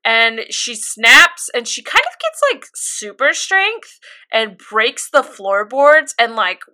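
A young woman casually recapping an anime episode, animated, acting out quotes between laughs. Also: fairly high pitch, takes it slowly, noisy background. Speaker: podcast co-host recapping an anime. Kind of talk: casual chat.

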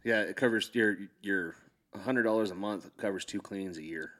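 A man's voice: on the low side, normal speed, a bit bright. A blunt, dry man on a casual podcast who swears freely.

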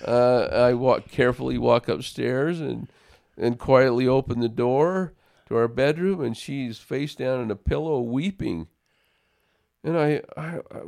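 A man's voice: medium pitch, measured pace, creaky, a little mellow, no echo, studio quality. A man in a casual faith discussion, telling a personal story in an earnest way and often repeating words as he starts a sentence.

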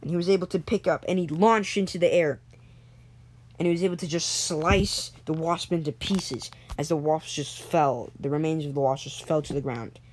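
Halting young improvising storyteller. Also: mid-range voice. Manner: halting, with frequent restarts and self-corrections.

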